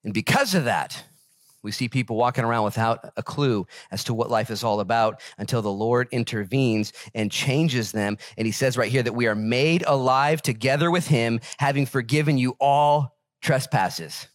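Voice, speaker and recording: A male pastor preaching a sermon in an animated, conversational way and joking with the congregation. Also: medium pitch, moderate pace, no room sound, studio quality.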